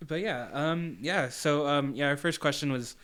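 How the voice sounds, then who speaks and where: A man's voice: on the high side, moderate pace, a bit bright. A man co-hosting a podcast, reading listener questions in a casual, hesitant way. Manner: hesitant, many ums and restarts. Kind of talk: casual chat.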